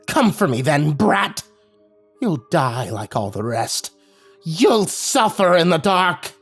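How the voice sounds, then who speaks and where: A man's voice: level tone, slow, warm tone, soft background music. A man voicing a vengeful undead girl ghost with a grating voice. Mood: enraged. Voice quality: low, grating.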